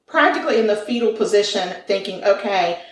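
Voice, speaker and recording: A woman co-hosting a podcast in a casual chat, telling a ghost story in an animated way with asides and self-corrections. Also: mid-range voice, a little slow. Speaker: podcast co-host. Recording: roomy sound from a distant mic.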